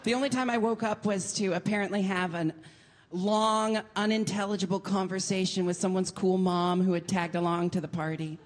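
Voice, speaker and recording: A woman doing stand-up comedy, telling a story in an animated, self-mocking way. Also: mid-range voice, moderate pace.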